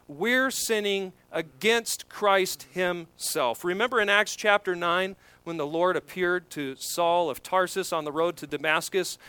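A man preaching an expository sermon, emphatic, swelling louder on key points. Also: high-pitched, smooth, dry recording. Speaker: pastor.

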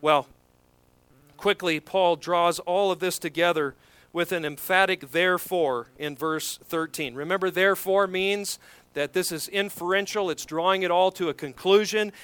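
A man preaching an expository sermon, emphatic, swelling louder on key points. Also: high voice, clear, resonant tone, no echo. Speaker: pastor.

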